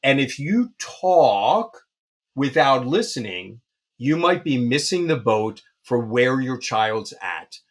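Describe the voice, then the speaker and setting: A man speaking as a pediatrician guest, giving parenting advice with emphasis. He often pauses on fillers while he looks for words. His voice sits at an ordinary middle pitch for a man. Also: very animated.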